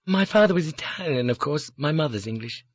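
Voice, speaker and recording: A man's voice: on the high side, animated, fairly quick, no echo, pitched above the performer's own voice. A man voicing a guarded, formal young Englishwoman who speaks in a clipped, dispassionate way, in an audiobook. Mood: cool, guarded. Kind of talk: audiobook character voice. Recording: dull lo-fi dry recording.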